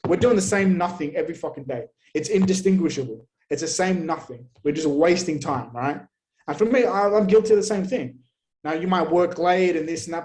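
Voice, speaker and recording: Man, podcast guest, slightly high voice, blunt and profane. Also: poor audio. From Australia. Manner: blunt, heavy swearing, animated rants. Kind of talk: casual conversational interview.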